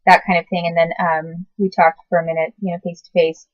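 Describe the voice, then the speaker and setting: A woman in her forties recalling the past in a casual, halting way, often stopping to correct herself and search for words. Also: fairly low pitch, flat delivery, no echo. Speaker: recalling past babysitting work. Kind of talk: casual personal recollection to camera. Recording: dull lo-fi sound.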